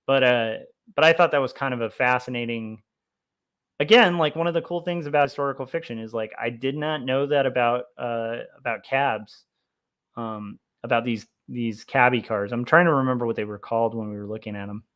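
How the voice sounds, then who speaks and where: A young man chatting casually on a livestream as he draws comics, rambling with lots of fillers and getting excited about history. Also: mid-range voice, fairly quick. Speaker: comic artist streaming his drawing. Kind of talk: casual livestream chat while drawing.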